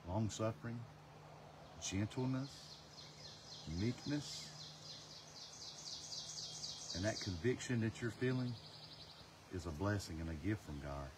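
A man from North Carolina, preaching a passionate sermon as an evangelist. His delivery swings between loud, urgent stretches and hushed ones. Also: lowish voice, noisy background. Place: outdoors.

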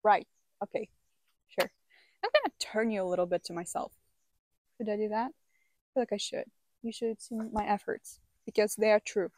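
A woman's voice: mid-range voice, moderate pace, long pauses, darkish tone, no room sound. Chatty young woman vlogging outdoors. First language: not English. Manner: chatty, exclaims and repeats words. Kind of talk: casual vlog talk to camera. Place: outdoors by a campfire.

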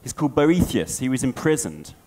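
A man speaking at a conference, telling a tale in an animated way. His pitch sits in the middle of the male range but rises and falls a great deal. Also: brisk. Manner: animated storyteller. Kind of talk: storytelling conference talk.

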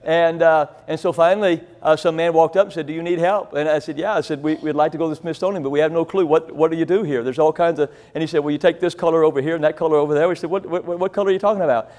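A middle-aged man raised on an Illinois farm delivers a storytelling sermon. His voice sits high for a man, and he rambles through the anecdote with folksy, self-deprecating humor. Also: steady tone, rapid-fire, hardly any pauses, darkish tone. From rural Illinois, USA. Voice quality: deaf in one ear. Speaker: pastor.

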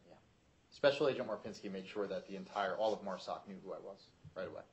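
A man in a recorded testimony interview, answering in measured, clipped replies and addressing the questioner as sir. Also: sits low, lo-fi sound. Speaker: Marine interviewee.

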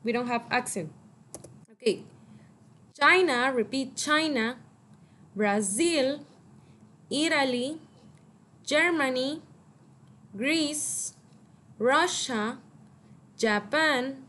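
A woman with a Mexican Spanish accent teaching English vocabulary to children, slowly saying each word for pupils to repeat. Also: high voice, a bit bright. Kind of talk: online vocabulary lesson for children.

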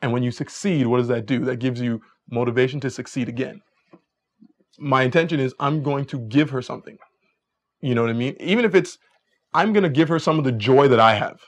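A young man coaching a room full of guys on dating, talking fast and loose with plenty of energy. His voice sits in an ordinary middle range, and he jumps up into higher, sillier voices whenever he quotes someone. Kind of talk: live dating lecture.

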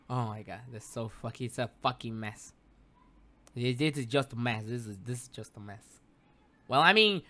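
Speaking at a moderate pace, a native Spanish-speaking man streams a horror game live, swearing excitedly and swinging from loud outbursts to muttered asides. Loud music plays in the background.

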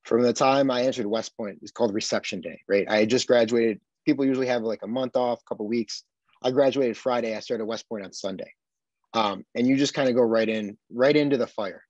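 A man's voice: medium pitch, a little fast, no echo. Earnest man telling stories, dull dry sound. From Buffalo, USA. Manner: earnest, animated storytelling with frequent tag questions. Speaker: podcast guest, army veteran. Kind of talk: casual conversation.

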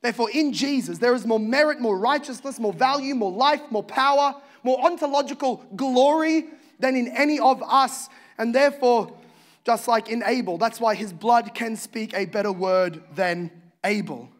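Guy preaching a sermon, really high voice, goes from hushed to loud and fired up. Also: normal speed. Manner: impassioned, swings from hushed to loud. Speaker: pastor.

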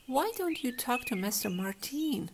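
A caring mother speaks in a calm, soothing way, voiced by a woman reading a storybook. Her pace is slow, and the tone carries a slight gravel. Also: sits high, a little hiss or hum, pitched above the performer's own voice, exaggerated voice. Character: gentle, caring mother of a schoolgirl.

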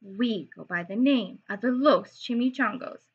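A woman voicing the gruff male leader of a pack of tiny chihuahuas in a storybook, growling and grand. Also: a little high, a little slow, highs cut off.

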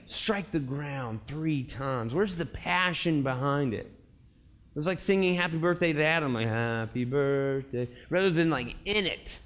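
A young pastor preaches in a casual, chatty way, slipping into little acted-out quotes and laughing along with his own stories. His voice is bright and forceful, sitting a touch high for a man, and he talks to a church congregation. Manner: animated storytelling, acts out quotes, laughs often. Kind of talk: casual conversational sermon. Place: church sanctuary.

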